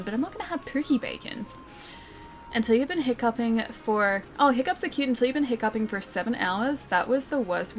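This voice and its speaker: A female streamer chatting casually while playing a game and reading chat aloud, self-deprecating and laughing often. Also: a little high.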